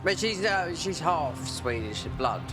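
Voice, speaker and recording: A man's voice: on the high side, sing-song, takes it slowly, music in the background. A man chatting casually while streaming a game, rambling from one tangent to the next. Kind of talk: casual chat while gaming.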